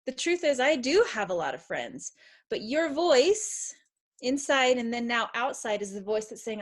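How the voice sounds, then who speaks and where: A middle-aged woman with a somewhat high voice speaks as a confidence coach. She is enthusiastic and emphatic. She answers questions on a video call in an encouraging way. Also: normal speed.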